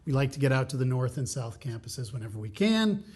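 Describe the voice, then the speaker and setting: A man hosting a college interview podcast at a mid pitch. He rambles in a friendly way, trailing off and circling back as he asks questions. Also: very animated, brisk, darkish tone. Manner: friendly, rambling, loose questions with many fillers. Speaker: podcast host.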